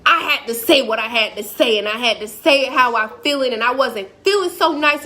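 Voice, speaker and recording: A woman's voice: high voice, brisk, few pauses, bright, forceful tone. A woman motivational speaker on a live stream, talking emphatically and repetitively in a preacherly way.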